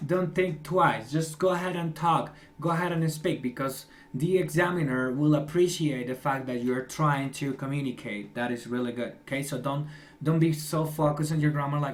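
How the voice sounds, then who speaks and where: Young male English teacher, encouraging and chatty, slightly raised pitch. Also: normal speed. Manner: encouraging, chatty, laughs often. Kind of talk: online class feedback.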